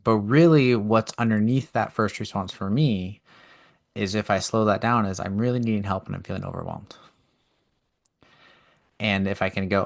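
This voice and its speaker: A man with a very low, gravelly voice co-hosting a relaxed conversation. He explains things slowly and reflectively and works through everyday examples. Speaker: podcast co-host. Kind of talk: casual chat.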